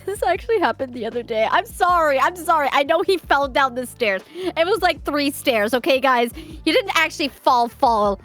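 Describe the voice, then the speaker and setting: Giggly, animated woman streamer. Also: sits high, normal speed, hardly any pauses, faint music behind. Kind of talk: casual chat on a live stream.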